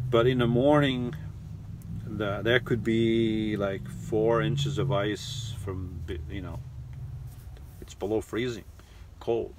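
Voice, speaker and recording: Middle-aged male host, halting and rambling chat style, low-pitched, slight background ambience. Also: slight background noise. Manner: rambling, halting, many restarts and fillers. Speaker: live stream host reading chat. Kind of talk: casual live chat. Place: lives in New York.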